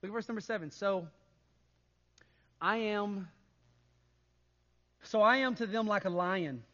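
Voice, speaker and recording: A man preaching a sermon as pastor, conversational and animated, often adding "right?" to his points. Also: sits high, a little slow, in a large hall, muffled recording.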